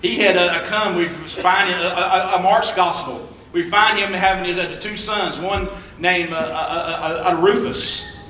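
A young male preacher delivers a sermon, reading the text in a halting way and filling pauses with sounds. His voice sits high and bright. The recording is roomy and echoey, with the mic some distance away. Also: fairly even intonation, a little hiss or hum. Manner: halting, many filler sounds while reading.

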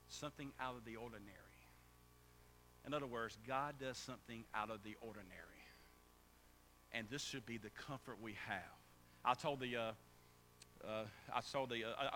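A man preaching a sermon as pastor, often stammering and restarting, then building to loud, fervent preaching. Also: medium pitch. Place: church sanctuary. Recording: echoey hall with faint hum.

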